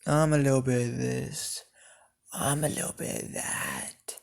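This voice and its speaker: Man doing a whispered role-play of a sly ancient devil, gravelly hush, slow and creeping. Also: medium pitch. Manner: hushed, breathy whisper. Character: ancient scheming male devil, sly dealmaker.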